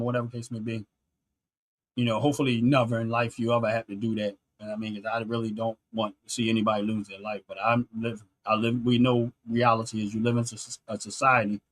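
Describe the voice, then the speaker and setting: A man hosting his own channel, delivering a solo opinion monologue in an earnest, preachy, repetitive way. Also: mid-range voice. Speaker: channel host.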